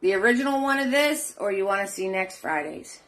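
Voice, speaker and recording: Animated and a little fast, this middle-aged painting instructor speaks in a slightly bright mid-range voice during a live online class. She chats encouragingly, greeting viewers by name and calling them sweetheart and hun, with faint music in the background.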